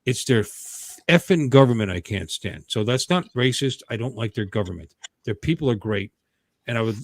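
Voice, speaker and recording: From home, a man with a voice on the low side hosts a casual livestream chat with no echo. He rambles and jokes, often cutting himself off mid-sentence.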